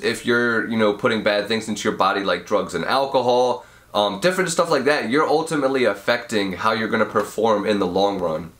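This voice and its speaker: A man's voice: medium pitch, a bit bright. Sick young man with a stuffy nose. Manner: mumbly, can't fully open mouth. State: sick with a cold, sniffling, nasal. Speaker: podcast host. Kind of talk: casual advice podcast.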